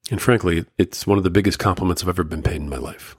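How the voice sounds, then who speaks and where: A middle-aged man hosting a solo podcast, talking earnestly and emotionally in slow, measured phrases, firm and lecturing at times. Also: sits low, breathy edge, dry recording, studio quality. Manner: firm and lecturing about fatherhood. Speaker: podcast host.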